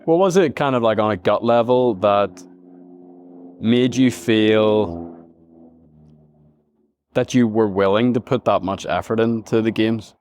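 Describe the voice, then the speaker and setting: A man's voice: on the low side, unhurried, pauses often, darkish tone. A man hosting an interview, asking short questions and murmuring agreement as he listens. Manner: attentive, brief affirming murmurs. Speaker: podcast host, interviewer.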